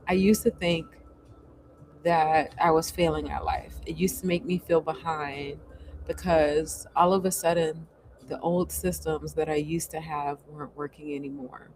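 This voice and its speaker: A woman's voice: low-pitched, darkish tone, slight background noise. A woman hosting a casual live chat and answering viewer comments in an earnest, coaching way, with bits of self-reflection.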